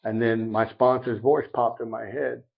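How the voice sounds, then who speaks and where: A middle-aged man on a podcast telling a personal recovery story, animated and acting out each side of the dialogue. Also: medium pitch, moderate pace, vocal fry. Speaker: podcast guest. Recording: dull lo-fi sound.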